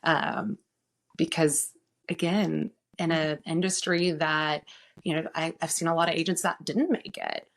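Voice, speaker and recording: A woman with a somewhat low voice talks as a guest in a casual podcast conversation. She sounds earnest and reflective. She often stops with "um" while she works out what she means. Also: fairly even intonation, gravelly. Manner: earnest, reflective, pauses with frequent "um". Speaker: guest, insurance agency owner.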